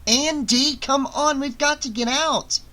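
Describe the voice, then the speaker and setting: A man's voice: very high-pitched, steady tone, a little slow, sharp tone, pitched above the performer's own voice, full character voice. A man voicing a stern woman who runs a children's home, insistent and firm. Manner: insistent, tugging firmly.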